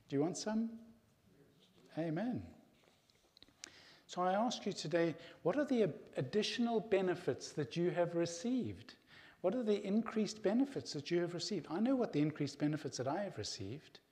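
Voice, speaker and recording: A middle-aged man preaches to his congregation in an earnest, direct way, calling them "folk". His voice sits a little high for a man, and the sound carries the long reverb of a church hall. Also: a little mellow. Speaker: pastor. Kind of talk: sermon.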